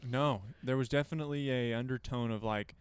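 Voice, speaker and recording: A man's voice: medium pitch, steady tone, brisk, clear, resonant tone. A man in his thirties co-hosting a podcast, laid-back and slangy, with lots of "like" fillers. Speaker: podcast co-host. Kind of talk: casual chat.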